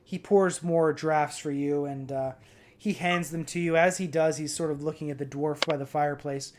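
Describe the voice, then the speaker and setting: A man narrating as game master in a tabletop game, relaxed and hesitant, with many fillers. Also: a little high, normal speed, noisy background.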